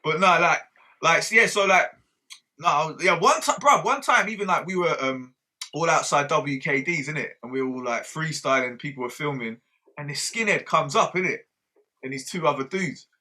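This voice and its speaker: A man's voice: a little high, normal speed, sharp tone. A man telling stories in casual podcast chat, swearing freely and quoting people. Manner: swears freely, storytelling with quoted dialogue. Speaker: podcast co-host.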